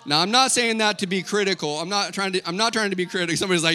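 With a high-pitched, clear, resonant voice delivered rapid-fire, a middle-aged pastor gives an energetic, conversational sermon. He quizzes the congregation and jokes in asides.

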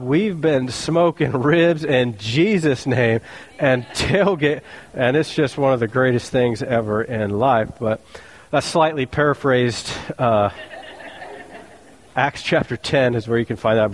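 A man preaching a sermon as a pastor, telling the stories in a casual, joking way with slang. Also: medium pitch.

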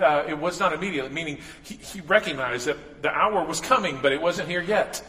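Pastor, man, bright forceful voice, casual preaching style, echoey church hall. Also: fairly high pitch. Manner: conversational preaching with asides and restarts. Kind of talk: sermon. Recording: echoey hall with long reverb.

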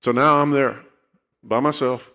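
A man at middle pitch telling a personal testimony from a church stage. He speaks earnestly and keeps checking in with his listeners. A long reverb from the big hall hangs on his words. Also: steady tone, measured pace, pushed and bright. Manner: earnest storytelling, checks in with "okay?". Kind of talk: sermon testimony.

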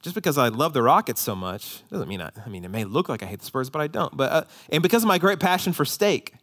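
A man preaching a sermon to a congregation, animated, with rising emphasis and joking asides. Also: on the high side, quick pace. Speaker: pastor. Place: church hall before a congregation.

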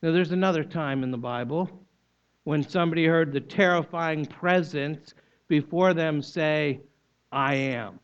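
A man preaching from the pulpit in a somewhat high voice, laying out scripture like a teacher and repeating key phrases for emphasis. The recording sounds dull and lo-fi. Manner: explanatory teaching, emphatic repetition. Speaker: pastor. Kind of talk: sermon.

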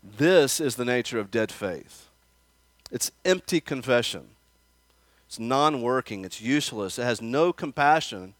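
A man's voice: medium pitch, animated, unhurried, a bit bright, no echo. A man preaching an expository sermon in a church, asking the congregation questions and raising his emphasis when he acts out quoted voices. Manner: conversational, asks the congregation questions.

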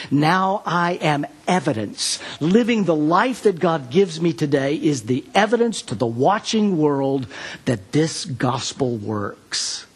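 A male pastor preaching a sermon, telling a story with earnest emphasis and repeated phrases, then moving into a quiet prayer. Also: fairly high pitch, breathy edge.

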